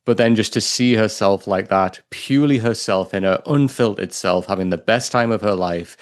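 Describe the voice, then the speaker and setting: A man co-hosts a casual podcast chat in a somewhat low voice. He talks with heartfelt enthusiasm, piling up fillers as he gushes over a scene. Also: moderate pace. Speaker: podcast co-host.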